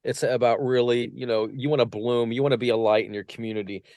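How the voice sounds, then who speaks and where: Animated storytelling man, dry sound. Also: medium pitch, quick pace, no echo. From Portsmouth. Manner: lively anecdotes, acts out quoted voices. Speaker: podcast guest, vocal coach. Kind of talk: casual storytelling interview.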